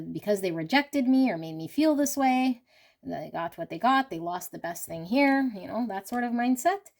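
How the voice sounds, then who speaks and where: A woman reading tarot cards for a love reading, talking in an earnest, coaching way with frequent "you know" and "okay?". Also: medium pitch. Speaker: tarot reader. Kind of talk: intuitive tarot reading monologue.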